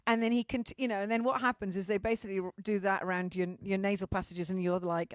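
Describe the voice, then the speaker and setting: A woman's voice: mid-range voice, quick pace, few pauses, fairly bright tone, no echo, clean studio sound. A British woman hosting an online show in a comedic, casual monologue, bawdy and theatrical, swearing freely. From Britain.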